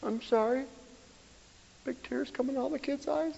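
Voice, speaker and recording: A man voicing a small tearful child who pleads and apologizes in a high, soft voice. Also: fairly even intonation, moderate pace, gravelly, slight background noise, exaggerated voice. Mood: pleading. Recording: dull, echoey church recording.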